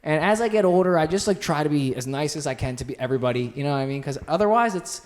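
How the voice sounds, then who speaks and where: A man's voice: a little high, expressive, racing. A young adult man from the United States hosting a podcast, chatting casually and laughing easily, with a lot of filler words. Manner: laughs easily, lots of fillers like "like" and "you know". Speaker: podcast host. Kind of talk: casual chat.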